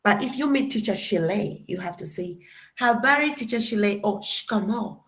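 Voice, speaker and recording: A young woman from Tanzania giving a casual classroom lesson. She drills each word slowly and deliberately, and keeps a playful, chatty manner. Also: mid-range voice. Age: young adult. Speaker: guest lecturer.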